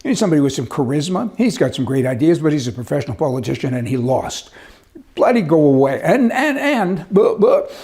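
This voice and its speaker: A man's voice: fairly high pitch, very animated, fairly quick, darkish tone. A middle-aged man giving an opinionated political rant, indignant and sarcastic. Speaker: political commentator.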